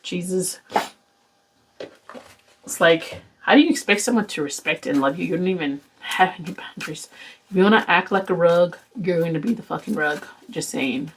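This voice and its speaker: A woman's voice: fairly low pitch, normal speed, slight background noise, poor audio. A woman giving a casual tarot reading to camera, blunt and exasperated, swearing and lecturing her viewers. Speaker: tarot reader.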